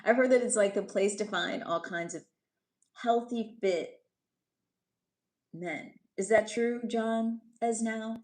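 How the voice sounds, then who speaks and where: A woman's voice: a little high, slow pace, pauses often, a little mellow. A woman from New York City hosting a livestream, chatting casually with viewers, reading their comments and teasing or scolding them. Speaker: livestream host. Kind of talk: casual live-stream chat reading comments.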